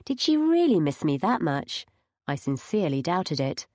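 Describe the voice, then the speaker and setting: A woman's voice: deep voice, big pitch swings, normal speed, a little mellow, no room sound. A woman narrating a first-person audiobook with wry, dry humour.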